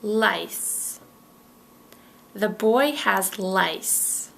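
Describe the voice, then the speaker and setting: A woman leads a pronunciation drill at a very unhurried pace. She says each word slowly and clearly, then says it again. A gravelly edge sits under her mid-range voice. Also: mid-range voice, lively intonation, a bit bright. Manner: models words carefully, repeating each one. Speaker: pronunciation teacher. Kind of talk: slow, deliberate pronunciation drill.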